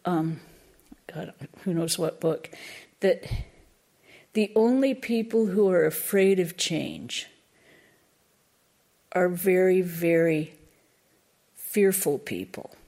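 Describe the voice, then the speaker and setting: A woman's voice: on the low side, animated, takes it slowly, warm tone. A woman giving a reflective spiritual talk as a lecturer, thoughtful and searching for words as she goes.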